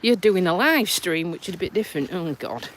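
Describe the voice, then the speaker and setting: Out on a countryside walk, this vlogger from Lincolnshire, England, talks casually to her live stream on a phone, her stuffy nose and local accent clear. She has a fairly low, expressive voice and speaks fairly quickly over slight background noise. Her chatter is self-deprecating, full of laughs and dialect terms.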